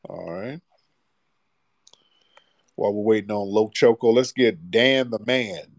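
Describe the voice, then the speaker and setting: A man's voice: on the low side, unhurried, no echo, studio quality. Blunt slangy man hosting a call-in. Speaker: host. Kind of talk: live call-in radio show.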